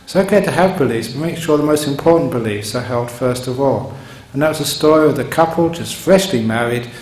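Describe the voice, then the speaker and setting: A man's voice: mid-range voice, fairly quick, darkish tone. A man, a monk, giving a sermon in a chuckling, digressive storytelling manner, recorded in a meditation hall. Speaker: monk giving a Dharma talk. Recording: roomy hall with faint hum.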